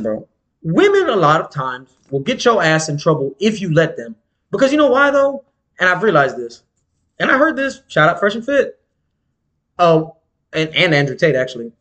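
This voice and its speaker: A man chatting casually as a podcast co-host, telling animated, slangy, profane stories. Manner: animated storytelling, swings pitch wide, slangy and profane. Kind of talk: casual chat.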